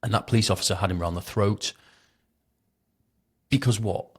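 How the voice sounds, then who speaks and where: A man's voice: on the low side, moderate pace, husky. A man hosting his own commentary show, talking in a blunt, indignant and mocking way. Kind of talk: opinionated commentary.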